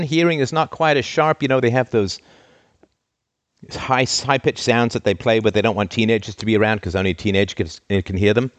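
A man hosting a live show, ranting in an exasperated, sarcastic way with big theatrical swings in pitch. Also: lively intonation, fast talker, dry recording. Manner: theatrical, trained speaking voice. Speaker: host.

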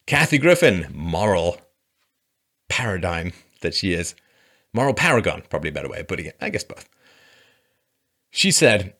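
A man with a somewhat low voice delivers political commentary in a sarcastic, mocking tone. He talks dryly, often with a sigh or a scoff. His remarks come across as flat and knowing. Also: brisk, husky.

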